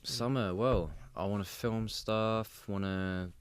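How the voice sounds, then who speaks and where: Deep-voiced, tired young host. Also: male voice, steady tone, slow, clear, resonant tone. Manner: dry, teasing, laid-back. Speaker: podcast host. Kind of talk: casual chat.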